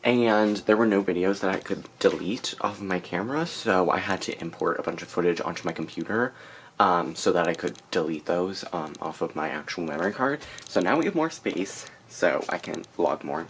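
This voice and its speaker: A woman's voice: extremely low pitch, normal speed, slight background noise. A young woman chatting casually in a reading vlog, exasperated and full of fillers, recorded on a camera mic. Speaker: book vlogger.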